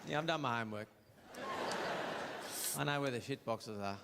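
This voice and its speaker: A man's voice: mid-range voice, moderate pace, creaky, heavy background noise. A man with an Australian accent performing a crude, storytelling stand-up comedy set on stage, recorded live. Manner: brash, crude, storytelling with acted quotes. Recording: live show with roomy reverb and audience laughter.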